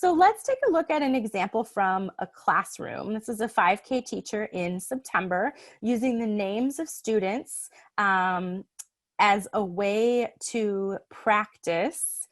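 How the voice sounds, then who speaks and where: A woman narrating a training video for teachers, explaining calmly with some fillers. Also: medium pitch, no echo. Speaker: literacy trainer.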